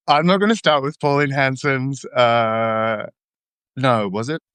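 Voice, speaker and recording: A man's voice: mid-range voice, slow, a bit bright, clean tone, dry recording. A man from Queensland, co-hosting a podcast in casual chat, easygoing and self-mocking, trailing off with ums. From Queensland, Australia. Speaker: podcast co-host.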